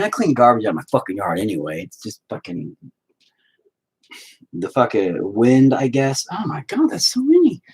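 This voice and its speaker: A man's voice: mid-range voice, darkish tone, slightly rough, low-quality recording. A man ranting in a profane, rambling way while painting in a casual vlog at home. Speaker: vlogger.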